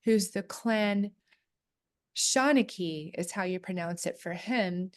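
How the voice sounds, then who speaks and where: A woman's voice: on the low side, steady tone, a little slow. A woman co-hosting a casual chat on clan history and family research, often reading aloud from a booklet. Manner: chatty, reads aloud from a booklet. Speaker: co-host.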